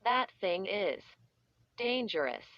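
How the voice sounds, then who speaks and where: A woman puts on a panicked mother in a storybook reading, her voice dropping lower and heavier as she shouts and scolds. The delivery is slow, and the audio is dry and a little dull. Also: lively intonation, no room sound. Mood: scolding. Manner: alarmed, scolding. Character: frantic panicking mother of young children. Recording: dull, slightly muffled audio.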